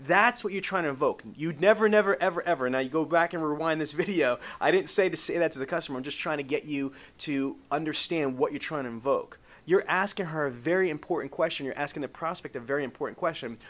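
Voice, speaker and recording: A male sales trainer with a slightly higher voice, coaching a group in an emphatic, persuasive way. He leans on key words and keeps asking the room whether they follow. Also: quick pace, hardly any pauses. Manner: asks the group for agreement. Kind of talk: live sales training with role-play.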